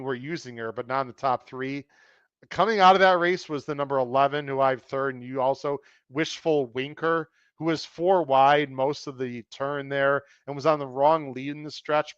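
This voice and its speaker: A man co-hosting a podcast, casually talking through horse race picks in an analytical, chatty way and gently ribbing his co-host. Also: medium pitch, clean tone, dry recording, muffled recording. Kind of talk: casual chat.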